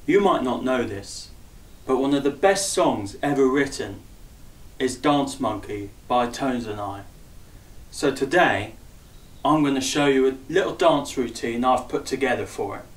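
A man's voice: mid-range voice, a little slow. A man teaching a dance routine in a chatty, upbeat, jokey way, calling out the steps and counting the beats aloud. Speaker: dance instructor. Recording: roomy echo, voice far from mic.

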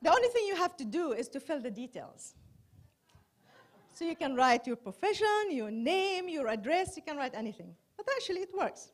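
High-voiced woman telling self-mocking stories. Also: sing-song, moderate pace. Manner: chatty, self-mocking storytelling with wry asides. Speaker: journalist doing stand-up. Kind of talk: stand-up comedy set. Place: large hall before a live audience.

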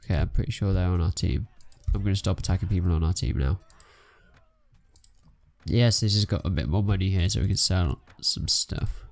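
A young man, chatting casually through a game and getting excitable in the busy moments. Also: low-pitched, fairly quick, vocal fry. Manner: chatty, self-narrating, excitable bursts. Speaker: let's play gamer. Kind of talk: casual gameplay commentary.

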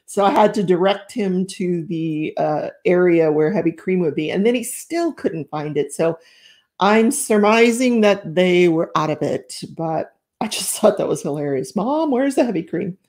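A woman's voice: on the low side, lively intonation, a little slow, a little mellow. A middle-aged woman hosting a live stream, chatting casually and effusively while she crafts, greeting viewers with lots of exclamations. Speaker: livestream host.

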